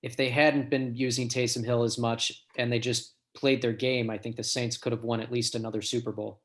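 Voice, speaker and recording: A man chatting casually on a podcast, giving relaxed, opinionated takes. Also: medium pitch, fairly quick.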